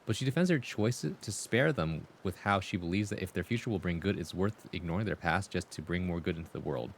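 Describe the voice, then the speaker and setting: A man with a fairly low voice hosts a livestream and chats casually with his viewers. He talks in a loose, conversational way and acts out the voices of people in his stories. A faint hiss sits under the recording. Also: fairly quick. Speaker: livestream host. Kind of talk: casual chat with chat readers.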